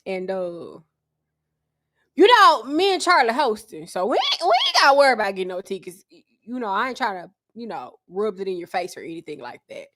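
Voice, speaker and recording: A woman talks on a casual podcast in a wry, joking way. Her voice sits in an ordinary middle pitch, and she draws out her stories. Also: wildly swooping pitch, fairly bright tone. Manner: wry, joking, drawn-out storytelling. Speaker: podcast co-host.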